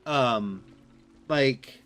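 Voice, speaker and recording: A man's voice: medium pitch, drawn-out words, a bit bright. A man with a Midwestern American accent, a streamer chatting casually with viewers while playing, rambling and restarting his sentences. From Southern Illinois, USA. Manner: rambling, answers chat, restarts sentences often. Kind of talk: casual live-stream chat while gaming.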